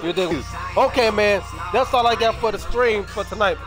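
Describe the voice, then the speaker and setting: A man's voice: high voice, normal speed, over music. A young man from Chicago with a Chicago accent, chatting casually on his stream in slangy, profane talk full of drawled repeats.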